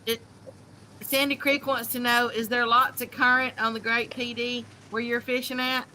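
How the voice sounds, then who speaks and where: A woman reads viewer comments aloud on a livestream in a playful, unhurried way. Her voice is bright and a little high, with a faint hiss behind it. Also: level tone, rough recording. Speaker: co-host reading viewer comments. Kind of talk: casual live-stream chat.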